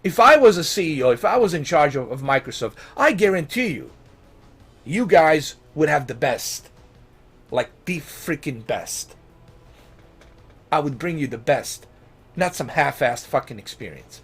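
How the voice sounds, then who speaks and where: Animated ranting male gaming vlogger. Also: on the high side, measured pace, slightly rough, faint music behind. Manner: exasperated, swearing, rhetorical questions; pleading and emphatic. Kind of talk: ranting vlog commentary.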